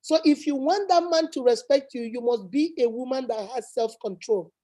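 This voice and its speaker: High-voiced woman giving emphatic advice. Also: normal speed, dark tone. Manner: preachy, emphatic, repeats points. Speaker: channel host. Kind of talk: advice chat.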